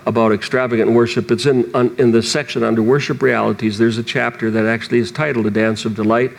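A man's voice: medium pitch, gravelly. A man preaching, telling a personal story in a rambling way with restarts and chuckles. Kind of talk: sermon testimony.

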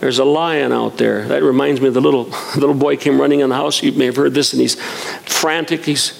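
A man's voice: medium pitch, flat delivery, fast talker, gravelly. A man preaching a sermon, telling folksy stories with humor and reading scripture aloud.

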